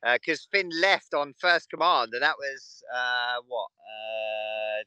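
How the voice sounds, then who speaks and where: A man's voice: mid-range voice, steady tone, slow pace, sharp tone, smooth, no room sound. A man chatting casually as a guest on a live stream, friendly and rambling. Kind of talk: casual chat.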